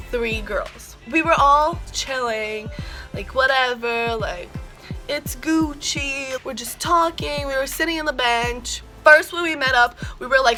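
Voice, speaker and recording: A teenage girl telling a story on her vlog, slangy and animated, full of "like" and swearing. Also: high-pitched. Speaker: vlogger.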